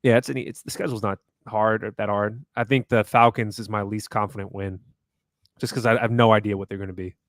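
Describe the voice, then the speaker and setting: A man co-hosting a casual sports podcast, talking quickly and hedging his picks. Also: lowish voice, steady tone, dry recording. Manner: quick, hedging, restarts thoughts. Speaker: podcast co-host.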